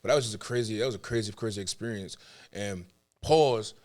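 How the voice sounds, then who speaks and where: A young man from New York, a podcast guest, telling his story in casual, animated talk and acting out the dialogue. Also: on the low side, fairly quick. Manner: animated, tells stories with acted-out dialogue.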